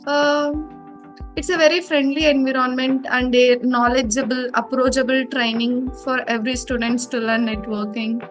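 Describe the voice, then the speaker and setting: Young Indian woman with a high voice. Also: little pitch movement, moderate pace, soft background music. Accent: Indian English. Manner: hesitant, many "uh" fillers. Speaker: former student interviewed. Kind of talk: casual interview.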